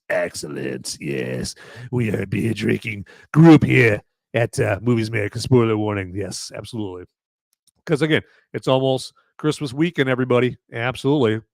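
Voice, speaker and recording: A man's voice: mid-range voice, no room sound, clean studio sound. Rambling man hosting a movie podcast. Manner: rambling, many fillers and restarts. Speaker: podcast host. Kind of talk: live casual movie review chat.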